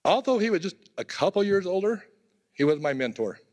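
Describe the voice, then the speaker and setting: A man's voice: sits high, sing-song, fairly quick, a little mellow. A man giving a eulogy at a memorial, telling casual, conversational personal stories. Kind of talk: storytelling eulogy. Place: temple hall.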